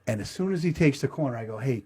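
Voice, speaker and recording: A man's voice: medium pitch, animated, fast, mellow, a little hiss or hum. A middle-aged man telling a crude, self-mocking comedic story as the show's host.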